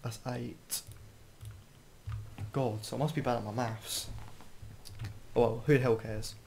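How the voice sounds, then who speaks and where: A man's voice: mid-range voice, fairly even intonation, slow, creaky, darkish tone, slight background noise. A man doing gameplay commentary, jumpy and exclaiming, muttering mild swears. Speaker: gamer.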